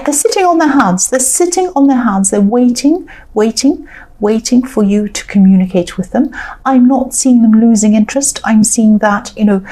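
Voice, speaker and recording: A woman's voice: on the high side, dark tone. A woman giving a casual, chatty tarot reading straight to her viewers, reassuring and full of fillers. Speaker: tarot reader.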